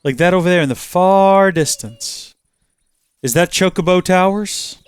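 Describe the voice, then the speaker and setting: A man's voice: high-pitched, measured pace, smooth, no echo. A man hosting a gaming channel, giving let's play commentary and exclaiming and talking to himself as he plays. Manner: animated, exclaims and talks to himself while playing.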